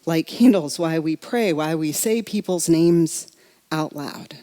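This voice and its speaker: A woman's voice: sits low, slow, mellow. A middle-aged woman minister preaching a sermon in a reflective, conversational way, speaking directly to her congregation. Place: church sanctuary.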